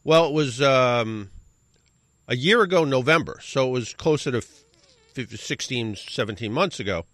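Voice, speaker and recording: A middle-aged man hosts a radio show and tells a long, casual story. His pitch swings up and down a lot. He corrects himself often and adds wry asides, and his voice sounds dry and close. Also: lively intonation, a little slow, a bit bright, no room sound. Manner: rambling, self-correcting anecdote with wry asides.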